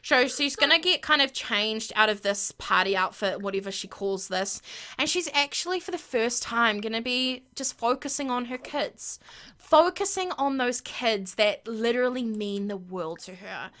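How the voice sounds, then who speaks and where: A woman's voice: a little high, moderate pace, pushed and bright. A woman hosting a gameplay video, narrating in an emphatic, chatty way with lots of fillers. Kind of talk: casual gameplay commentary.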